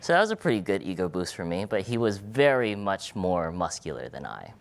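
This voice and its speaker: A man in his twenties, a medical student giving a playful, energetic live talk to an audience in an event room. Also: low-pitched, fairly quick, vocal fry.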